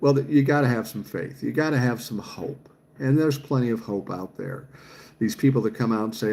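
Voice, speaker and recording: A man's voice: medium pitch, normal speed, darkish tone. A man, chatting casually on a livestream and reading viewer comments aloud, swearing freely. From Minnesota, USA. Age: 60s. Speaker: livestream host reading chat.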